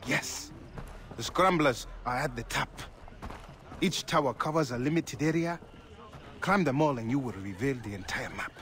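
A man's voice: mid-range voice, expressive, normal speed, long pauses, fairly bright tone, a little hiss or hum, lightly acted. A man voicing a solemn island tribe guide. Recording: game audio under music.

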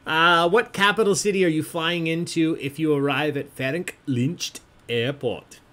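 A man's voice: on the high side, moderate pace, pushed and bright. A man hosting an online trivia game, chatty and jokey, often laughing as he reads out answers. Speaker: trivia host.

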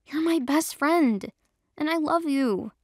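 A woman voicing a fiercely loyal young best friend who is quick to anger, in a dry audio drama reading. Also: sits high, lively intonation, a little mellow, no room sound, pitched above the performer's own voice. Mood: fiercely protective. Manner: indignant, raised and quick to anger.

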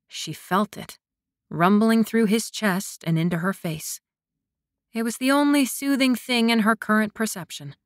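Soft-spoken woman narrating a romance. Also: medium pitch, no room sound, clean studio sound. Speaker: audiobook narrator. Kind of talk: scripted narration.

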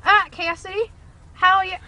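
A woman's voice: very high voice, steady tone, a little fast, pushed and bright, voice pushed up, heavily acted. A woman putting on a mock country drawl, playing a hokey rural woman outdoors on a boat. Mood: playful. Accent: mock Southern US country drawl. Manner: giggly, exaggerated drawl.

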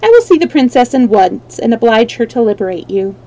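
A woman voicing a calm, gentle young girl queen who speaks quietly and firmly. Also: fairly high pitch, fairly quick, rough recording. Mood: composed. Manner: quiet, composed and firm.

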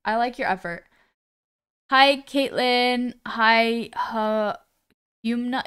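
A woman live-streaming a game, her voice smooth and a touch higher than most. She chats loosely, reads viewer comments out loud, and trips over names before saying sorry. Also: slow. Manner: reads chat aloud, apologetic, stumbles over names. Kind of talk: casual live-stream chat.

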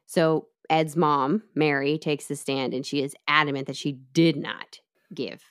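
A woman casually retelling a true-crime case to her co-host, chatty and lively, with asides. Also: low-pitched, unhurried, clean tone. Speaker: podcast co-host telling the case.

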